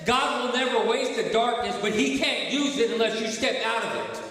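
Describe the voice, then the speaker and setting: A man preaching to a recovery group, impassioned, dropping low and hushed then rising loud. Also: steady tone, normal speed. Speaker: recovery ministry speaker. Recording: echoey hall, mic from far off.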